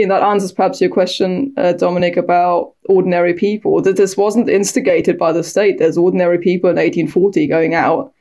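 A woman's voice: lowish voice, mellow. A woman, a guest historian and author, explaining at length in long winding sentences in a conversation. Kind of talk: expert conversation.

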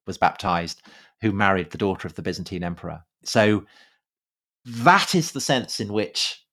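A man co-hosting a podcast in a casual conversational style, halting often with fillers and repeated words. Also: lowish voice, expressive, a bit bright, slight background noise. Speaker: podcast co-host. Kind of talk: casual conversational history chat.

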